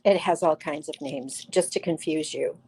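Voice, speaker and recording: A woman's voice: sits low, moderate pace, mellow, breathy edge. A woman hosting a live crystal sales show, talking chattily with lots of fillers and restarts, calling out viewers by name. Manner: addresses viewers by name while showing stones. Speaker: live sale host.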